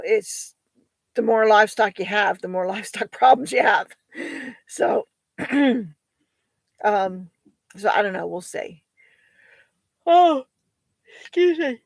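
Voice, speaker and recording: A woman's voice: mid-range voice, creaky, no room sound, low-quality recording. A tired woman homesteader talking casually about her goats, rambling and hesitant, with many fillers and restarts. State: tired, sighing. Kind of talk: casual vlog chat.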